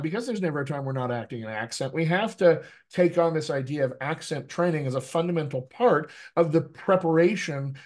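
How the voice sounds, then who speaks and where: A middle-aged man, a dialect coach, talking energetically to a group and checking in with "right?" as he goes. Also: fairly high pitch. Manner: lively, addresses the group directly, frequent "right?" tags. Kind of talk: energetic workshop talk.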